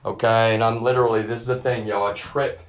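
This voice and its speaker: A man rants on a livestream in a somewhat low voice, agitated and profane. He keeps turning to his viewers and calling them y'all as he vents. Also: level tone, quick pace. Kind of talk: emotional unscripted rant.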